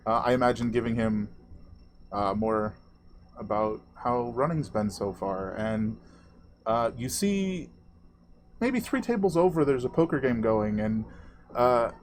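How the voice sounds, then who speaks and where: A male game master narrating a tabletop game in a halting way, with many fillers. His voice sits at an ordinary middle pitch. A faint noise runs under the recording.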